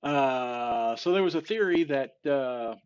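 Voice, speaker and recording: A man's voice: medium pitch, expressive, darkish tone, clear, resonant tone, dull audio. Rambling older man telling dad jokes. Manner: rambling, halting delivery with many fillers and restarts; self-deprecating, laughs off flubbed punchlines. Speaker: joke teller. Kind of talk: casual joke telling.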